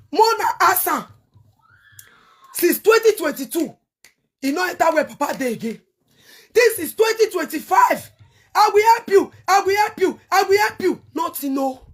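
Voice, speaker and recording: Very high-voiced Nigerian woman ranting angrily. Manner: angry, cursing, shouts in bursts. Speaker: online show host. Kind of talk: heated rant to viewers.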